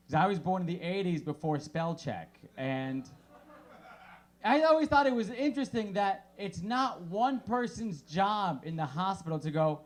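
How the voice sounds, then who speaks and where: With a voice that sits high, a man in his thirties performs deadpan one-liners as stand-up comedy, using a handheld mic on a small bar's stage.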